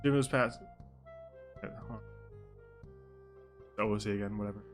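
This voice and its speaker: A man's voice: fairly low pitch, normal speed, faint music behind. Young male streamer narrating casually. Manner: rambling asides, mixes narration with chat comments. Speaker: streamer narrating a role-play. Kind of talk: casual live-stream narration, reading a story aloud.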